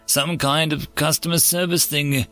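A man's voice: fairly high pitch, fairly even intonation, sharp tone, faint music behind. Man voicing stern, formal hooded Death. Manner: formal, clipped, unhurried.

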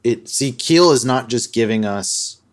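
A man's voice: medium pitch, animated, measured pace. A man hosting a podcast who retells a story in a loose, chatty way, full of "like" and other fillers. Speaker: podcast host. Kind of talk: casual storytelling chat.

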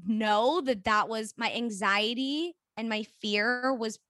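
A woman co-hosting a podcast, telling a personal story in a candid, animated way with frequent swearing. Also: on the high side, slow pace, dry recording. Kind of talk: casual conversation.

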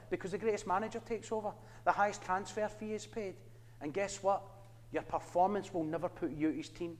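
A man with a Glaswegian Scottish accent, his voice fairly high for a man, presents to a church audience. He talks with earnest, preacher-like conviction and drops in dry jokes. His words ring with the long reverb of a hall. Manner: earnest preaching with wry asides. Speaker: Christian ministry worker.

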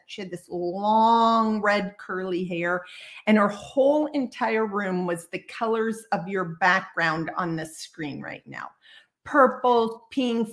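A woman in her sixties from Iowa, a guest on a video call, telling her story in a lively, casual way and acting out the people she quotes. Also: medium pitch. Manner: lively storyteller who acts out quoted dialogue. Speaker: guest psychic medium.

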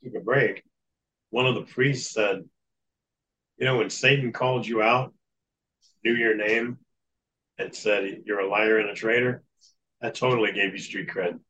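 A man's voice: fairly low pitch, steady tone, measured pace, pauses often, pushed and bright, rough recording. A man speaking as a guest in an interview, telling a long story in an earnest, matter-of-fact way. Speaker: guest recounting exorcism experience.

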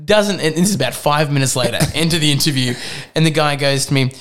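A young man in his twenties, co-hosting a casual chat, telling a story with animated voices and frequent laughs. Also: medium pitch, fast. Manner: animated, acts out voices in anecdotes, laughs often. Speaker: podcast co-host.

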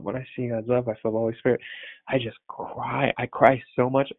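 A man's voice: medium pitch, little pitch movement, a little fast, no echo. A young man, a pastor, talking in a casual, rambling way and choked up with tears. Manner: emotional, tearful, rambling. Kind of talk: casual prayer-call talk. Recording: tinny phone line.

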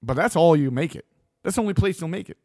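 A man delivering a blunt, opinionated monologue as a host, swearing freely and getting animated. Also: a little high, quick pace, dry recording, studio quality.

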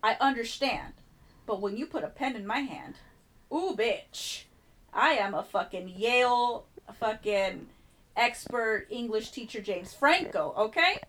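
A woman with a fairly high voice tells a long story in casual podcast chat. She swears freely and sounds animated and fed up as she works through the tale. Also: a little slow. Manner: profane, animated, exasperated storyteller. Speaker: podcast host.

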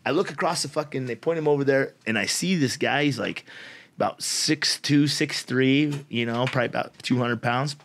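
A man's voice: mid-range voice, normal speed, slight background noise. A man in his forties telling a story as a podcast guest, swearing freely and laughing often. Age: 40s. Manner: profane, animated, laughs often. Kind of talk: casual storytelling.

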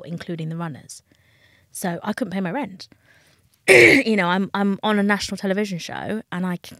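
A woman's voice: lowish voice, no echo. Frank woman, dry close sound. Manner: frank, emotional, acts out quoted voices. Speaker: dating coach, podcast guest. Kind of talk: candid interview talk.

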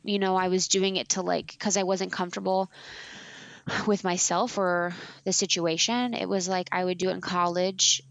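Podcast guest: young woman, low gravelly voice, chatty and emphatic, dry lo-fi recording. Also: fairly even intonation, normal speed, no echo. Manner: chatty, frequent "like" and "you know" fillers, emphatic. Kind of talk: casual interview chat. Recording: dry, slightly dull lo-fi sound.

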